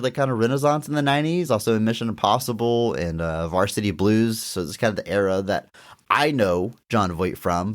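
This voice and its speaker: A young adult man co-hosting a podcast, talking through a movie review in an enthusiastic, rambling way with frequent restarts. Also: fairly low pitch. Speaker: podcast co-host. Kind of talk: casual movie review chat.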